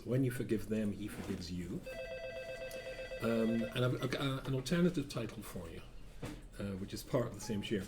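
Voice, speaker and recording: A man acting as a rabbi gives an informal Torah class in a fairly low-pitched voice, with background noise present. He tells stories in a rambling way, keeps correcting himself, and drops dry asides.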